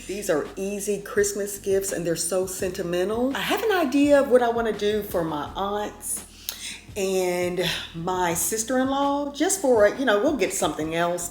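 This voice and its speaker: A chatty woman in her fifties talks to her camera at home, folksy and familiar, her voice sitting a little low. The room lends her a noticeable echo. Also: a little hiss or hum. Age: 50s. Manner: chatty, folksy, keeps calling viewers y'all. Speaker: vlogger. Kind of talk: casual chat to camera. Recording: roomy echo.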